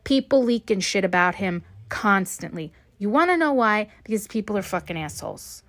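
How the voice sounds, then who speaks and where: A woman's voice: mid-range voice, expressive, moderate pace, fairly bright tone. Woman, podcast host, casual commentary, blunt and profane, speaks directly to the listener. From United States. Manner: blunt, heavily profane, talks straight to the listener. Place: home.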